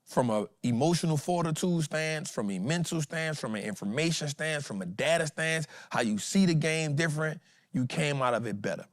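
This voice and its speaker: Animated slangy man, higher voice. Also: moderate pace, no echo, clean studio sound. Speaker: podcast host, trading educator. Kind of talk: motivational casual talk.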